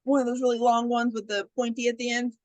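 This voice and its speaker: A woman co-hosting a podcast in casual chat, retelling a movie with lively storytelling, acting out lines and swearing casually. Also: fairly high pitch, quick pace, dry recording, rough recording. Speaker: podcast co-host.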